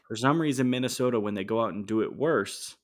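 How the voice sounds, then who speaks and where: A man co-hosting a podcast, giving blunt, opinionated takes in casual sports chat. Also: medium pitch. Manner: blunt, opinionated, quick interjections. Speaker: podcast co-host.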